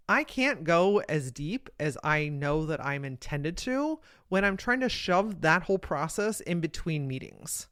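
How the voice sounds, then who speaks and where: A woman's voice: sits low, a bit bright, no room sound, clean studio sound. A woman hosting a solo podcast, speaking with energy and emphasis in a casual, motivational style and swearing now and then. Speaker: podcast host and coach.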